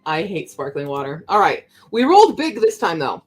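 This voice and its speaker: A young woman with a slightly low voice chats easily on a live stream, reading out viewer messages between remarks on her project. Quiet music plays underneath her. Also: sing-song, normal speed, poor audio. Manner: chatty, reads chat aloud, talks while crafting. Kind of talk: casual live-stream chat.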